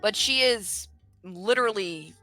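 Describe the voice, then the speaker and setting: A woman's voice: mid-range voice, a little slow, sharp tone, soft background music. A woman playing a tabletop game, speaking bluntly and plainly. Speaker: player.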